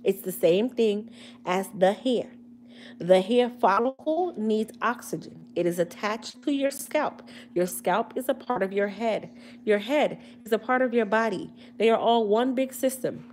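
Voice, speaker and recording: A woman's voice: mid-range voice, measured pace, darkish tone, slight background noise. A woman hosting a casual hair care livestream, joking and using slang as she talks straight to her viewers. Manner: chatty, comedic, slangy, addressing viewers directly.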